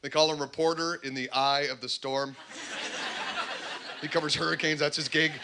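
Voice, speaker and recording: Sardonic Canadian stand-up comedian. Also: male voice, fairly high pitch, steady tone, moderate pace. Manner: sardonic, conversational storytelling. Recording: loud background noise.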